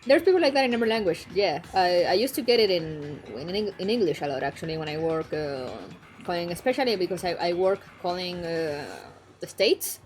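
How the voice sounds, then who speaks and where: A woman's voice: fairly low pitch, lively intonation, a little fast, a little mellow. Frank, chatty young woman streamer. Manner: chatty, frank, swears freely, laughs often. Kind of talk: casual chat. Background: faint background music.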